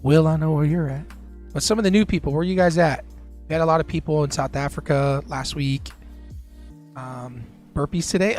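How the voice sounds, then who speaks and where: A man's voice: a little high, moderate pace, faint music behind. A man hosting a casual live trading stream. He chats loosely with viewers and uses lots of fillers. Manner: relaxed, filler-heavy, chatting with viewers while trading.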